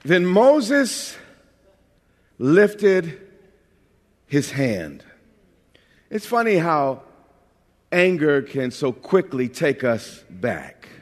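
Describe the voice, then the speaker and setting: A pastor from New York preaching a lively, humorous sermon, often repeating words as he builds a point. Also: on the high side, extremely slow, pauses often. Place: large church sanctuary. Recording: long hall reverb.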